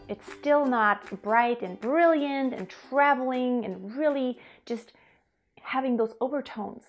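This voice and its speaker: A woman's voice: high-pitched, slow pace, soft background music. A young woman teaching a singing lesson, explaining technique and sometimes singing short demonstration notes. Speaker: vocal coach.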